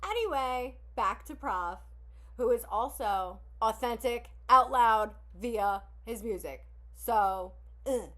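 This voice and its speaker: Speaking slowly in a fairly high, animated, somewhat bright voice, a woman hosts a laid-back song reaction video full of frank, profane oversharing, frequent sighs and laughter.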